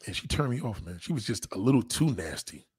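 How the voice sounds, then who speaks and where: Husky man in crude, rambling chat. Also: fairly low pitch, very animated, fast talker, a little mellow, dry recording, studio quality. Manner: crude, rambling, streetwise slang. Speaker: host. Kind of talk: casual streamed chat.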